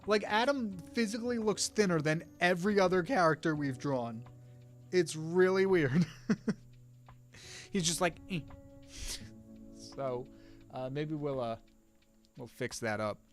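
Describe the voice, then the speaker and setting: A man's voice: fairly high pitch, expressive, moderate pace. Young male streamer, rambling casual chat, talks to viewers by name, faint music underneath. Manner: rambling, self-interrupting, chats to viewers by name. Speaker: streamer drawing with live chat.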